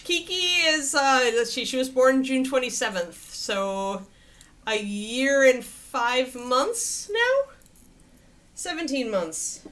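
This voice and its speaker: A woman's voice: sing-song, takes it slowly, a bit bright. A woman hosting a casual miniature painting livestream, chatting freely with viewers and breaking off to talk to her dog. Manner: chatty, talks to her dog in a high sing-song voice.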